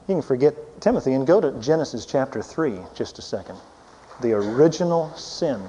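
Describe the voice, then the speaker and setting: A man preaching a sermon, swinging between loud emphatic peaks and low hushed asides. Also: long reverb tail, muffled recording.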